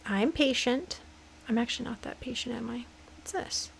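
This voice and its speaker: A woman's voice: fairly high pitch, moderate pace, vocal fry, slight background noise, low-quality recording. A young woman casually commenting as she plays a creepy game, chatty and jokey, dropping into nervous whispers. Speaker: gaming video host.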